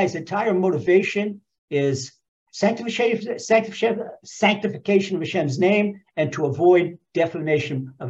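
A man teaching a Torah lesson as an animated storyteller, repeating phrases for emphasis and restarting often. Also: sits high. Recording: dull lo-fi recording.

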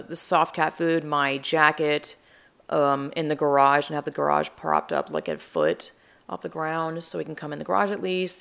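A woman's voice: sits low, creaky. A young adult woman telling a long story in casual chat, rambling with many fillers, sarcastic and swearing freely.

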